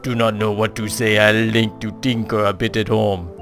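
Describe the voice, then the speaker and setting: A man's voice: lowish voice, little pitch movement, moderate pace, soft background music. A man doing a hammy French-accented husband. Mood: laid-back. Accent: mock French. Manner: loud, hammy and laid-back. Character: easygoing middle-aged husband who tinkers.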